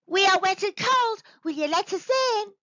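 Storybook boy, eager and jumpy, played by a woman; lively high voice, dull lo-fi sound. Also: moderate pace, no room sound, exaggerated voice. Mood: alarmed. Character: young boy, eager and easily scared. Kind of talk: storybook read-aloud.

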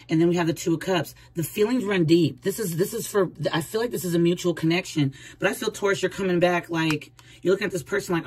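A woman's voice: fairly low pitch, darkish tone, slightly rough, rough recording. Chatty woman giving a tarot reading. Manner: chatty, speaks straight to the viewer, often laughs. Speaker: tarot reader. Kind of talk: casual tarot reading to camera.

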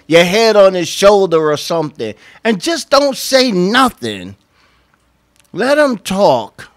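Man, casual relationship-advice talker, blunt and profane, slightly high voice, dry close mic. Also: fairly bright tone, dry recording. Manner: blunt, swears, acts out little dialogues. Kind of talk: casual advice monologue to camera.

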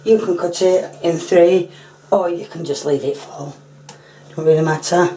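Hoarse woman chatting through a cooking demo. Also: lowish voice, fairly even intonation, a little slow, dark tone, slight background noise. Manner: chatty, keeps clearing her throat and apologising. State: hoarse, losing her voice. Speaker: home cooking vlogger. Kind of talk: casual cooking demonstration.

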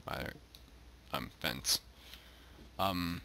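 A low-voiced man narrates his game casually, his pitch jumping around animatedly. He jokes and greets the animals he passes in a goofy way. A faint noise sits under the recording. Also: lively intonation, very slow, gravelly, pushed and bright. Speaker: gaming YouTuber. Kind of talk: casual let's-play commentary.

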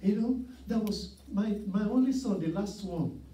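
A man's voice: high-pitched, unhurried, mellow. A man in his sixties preaching a sermon as a guest preacher, telling personal stories earnestly with emphatic repeats. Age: 60s. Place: church sanctuary. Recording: roomy church sound from a distance.

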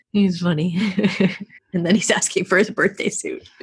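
A woman's voice: fairly low pitch, steady tone, moderate pace, husky. A woman co-hosting a podcast in casual chat, talking freely and laughing often. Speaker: podcast co-host.

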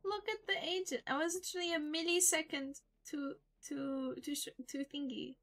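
A woman's voice: high-pitched, moderate pace, a bit bright. A woman streamer chatting casually while gaming, playful and given to humming nonsense syllables into her mic.

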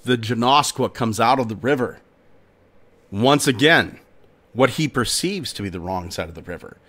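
A man hosting a podcast, narrating a folk tale in a dramatic, expressive storytelling manner. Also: medium pitch, moderate pace. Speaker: podcast host.

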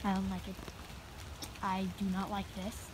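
A woman's voice: mid-range voice, monotone, moderate pace, noisy background. Jumpy woman muttering on a forest trail. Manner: jumpy, swears often, mutters half under her breath. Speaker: vlogger. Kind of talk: nervous solo walking vlog. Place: outdoors on a wooded trail. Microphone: phone held in hand.

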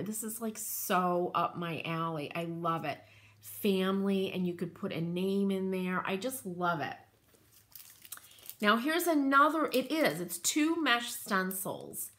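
Gushing and rambling through asides, a woman hosts a craft channel with casual show-and-tell chat. Her voice sits at medium pitch with a fairly bright tone.

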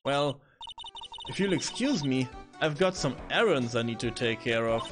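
A man's voice: expressive, moderate pace, music in the background, natural voice. A man voicing a coy, mysterious woman who teases sweetly. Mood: teasing. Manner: lowered, sweetly teasing.

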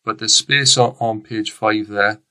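A Welsh man teaches a recorded science lesson with a bright, forward voice. He talks in a chatty, rambling way, breaking off and restarting his sentences as he goes. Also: fairly low pitch, steady tone, unhurried. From Wales. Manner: chatty, rambling, self-correcting.

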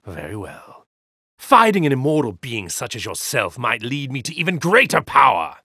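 A male video game character voices lines for a fighting game: an arrogant evil god inhabiting a hero's body. His gravelly, haughty, exaggerated delivery is slow and menacing, swinging hugely from low sneers to high shouts with a bright edge, contemptuous and grandiose. The recording is dry studio sound with no room noise.

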